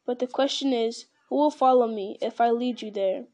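A woman reading the part of a grave, commanding old male wizard in a firm, measured way. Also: a little high, warm tone, close to an everyday voice.

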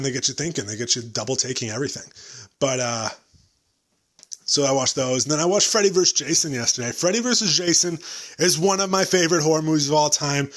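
A man's voice: mid-range voice, fairly bright tone. A man in his late twenties hosting a solo podcast, rambling casually, self-deprecating and swearing freely. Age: 20s. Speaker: podcast host.

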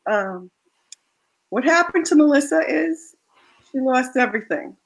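A woman author reading her own romance fiction aloud in a soft, measured way, then chatting about the story. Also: high voice, lively intonation, poor audio.

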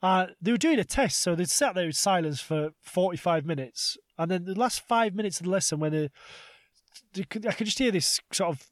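A man in his thirties co-hosting a comedy podcast, telling animated stories and swearing freely. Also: high voice, fairly quick, dry recording, clean studio sound. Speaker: podcast co-host. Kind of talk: casual comedic chat.

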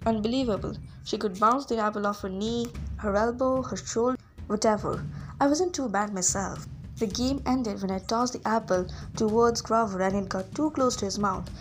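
A woman reading a story aloud in a steady storytelling voice, giving the characters their own voices. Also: medium pitch, a little hiss or hum. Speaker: reader. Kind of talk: audiobook reading.

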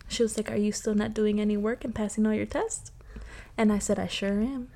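A young woman co-hosting a podcast, telling stories in an animated, laughing, casual way with plenty of swearing. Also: medium pitch, brisk, gravelly. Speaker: podcast co-host. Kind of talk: casual chat. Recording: faint background noise.

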